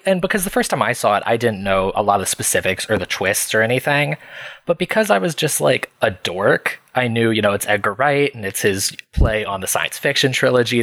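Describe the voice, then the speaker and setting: A man's voice: on the low side, fairly bright tone, dry recording. A man telling a story as a podcast guest, chatty and full of fillers. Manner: chatty, laughs while telling, many fillers. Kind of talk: casual storytelling.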